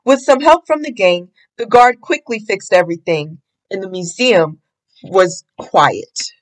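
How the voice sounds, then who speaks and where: Slow, expressive woman reading a picture book. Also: medium pitch, low-quality recording. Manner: expressive, deliberate. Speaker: storybook reader.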